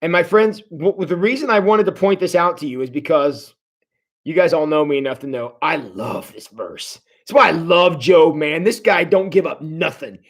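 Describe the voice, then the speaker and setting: At a normal speed, a man with a high voice teaches a casual Bible study over livestream as its pastor. He's animated and conversational, speaks directly to viewers, and frequently restarts phrases by repeating words.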